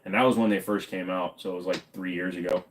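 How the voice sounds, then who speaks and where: A man's voice: low-pitched, fairly even intonation, quick pace. A man hosting a casual livestream, reading chat questions aloud and answering them in an offhand, joking way. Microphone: desk microphone.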